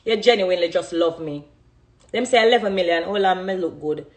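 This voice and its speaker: A woman's voice: lowish voice, fairly quick. A Jamaican woman in her thirties chatting casually on a phone live stream, reading out comments from viewers. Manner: chatty, reads out comments, animated.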